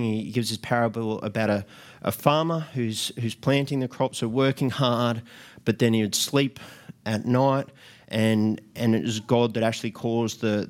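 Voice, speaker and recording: Earnest man preaching a sermon. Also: mid-range voice. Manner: earnest, with frequent restarts and repeated words.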